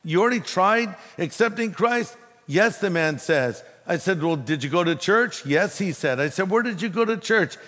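A man's voice: fairly high pitch, normal speed, few pauses, fairly bright tone. A man preaching a sermon as pastor, emphatic and telling a humorous story to make his points. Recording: long hall reverb.

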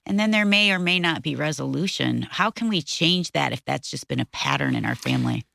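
A woman co-hosting a casual conversation, animated and encouraging as she asks questions. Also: deep voice, brisk, gravelly, dry recording. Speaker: co-host.

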